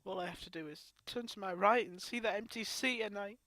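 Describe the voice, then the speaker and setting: Woman, crying, grieving, halting broken speech, bright tense voice, dry close sound, personal vlog. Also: mid-range voice, no echo. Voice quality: halting, broken by sobs and restarts. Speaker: vlogger.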